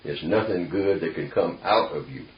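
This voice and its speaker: A man with a low voice leads an informal group discussion at a moderate pace, emphatic and folksy, often dropping in "see" and "you know." The recording is lo-fi and dull, with an echoey room.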